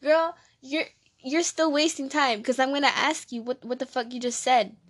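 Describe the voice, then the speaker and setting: A young woman with a New Jersey accent hosts her own comedy show in a high voice. She talks in a casual monologue, sassy and brash, with plenty of profanity. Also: normal speed, fairly bright tone. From Jersey City, New Jersey. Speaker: comedy podcast host.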